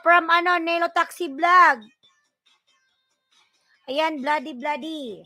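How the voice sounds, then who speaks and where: Loud Filipino woman vlogger giving shout-outs. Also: extremely high pitch, takes it slowly, pauses often, no room sound, faint music behind. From Philippines. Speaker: livestream vlogger. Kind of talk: casual livestream chat reading comments.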